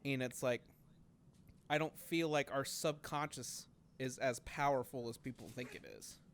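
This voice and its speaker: A man's voice: mid-range voice, fairly even intonation, measured pace, a little hiss or hum. A young man telling a story in casual podcast chat, rambling with many fillers and acting out quotes. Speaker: podcast co-host.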